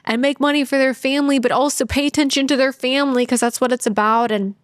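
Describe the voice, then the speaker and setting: A woman's voice: sits high, steady tone, quick pace, dry recording. A woman in her thirties, a podcast guest, talking candidly and earnestly about her life, close to tears, with many "like"s. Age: 30s. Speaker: podcast guest, sales trainer. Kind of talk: candid interview talk.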